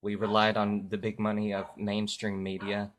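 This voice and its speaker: A man giving a political rant on a live stream, halting and full of fillers at first, then loud and heated with swearing. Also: on the low side, completely flat delivery, noisy background. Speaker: political vlogger.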